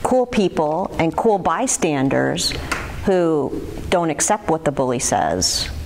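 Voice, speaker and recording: Low-voiced woman leading a discussion. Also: sing-song, slow pace, vocal fry, a little mellow, a little hiss or hum. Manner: affirming, restates and sums up students' points. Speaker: discussion leader with students. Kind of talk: guided group discussion.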